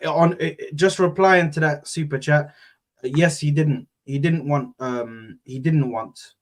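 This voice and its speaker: A laid-back man co-hosting a casual call-in stream, rambling through his points and calling everyone "bro" and "man". his voice sits a little high for a man. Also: fairly even intonation, measured pace. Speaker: co-host.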